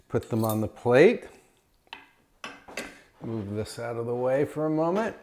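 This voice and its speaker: A man's voice: mid-range voice, lively intonation, unhurried, pauses often, darkish tone, a little hiss or hum. A man hosting his own cooking channel, chatting enthusiastically in his home kitchen while he cooks and tastes. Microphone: camera mic, moved at times.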